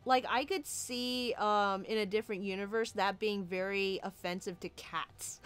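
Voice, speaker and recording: A woman's voice: mid-range voice, fairly even intonation, normal speed, a bit bright, clear, resonant tone, soft background music. A woman artist thinking aloud while she designs a character, musing and hesitant, with many fillers and restarts. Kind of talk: casual thinking-aloud commentary while drawing.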